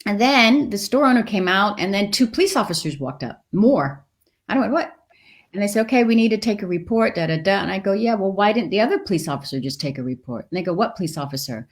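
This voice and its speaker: In an interview, a middle-aged woman races through a personal story in a mid-range voice. Her telling is lively, and she acts out the other people's voices.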